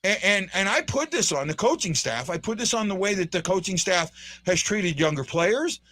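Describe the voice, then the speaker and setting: An excitable man hosts a fan show, talking through a live hockey game in a rambling, restart-filled way. His voice sits a little high and comes across bright and forceful. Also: moderate pace. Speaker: fan podcast host. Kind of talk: casual live hockey commentary.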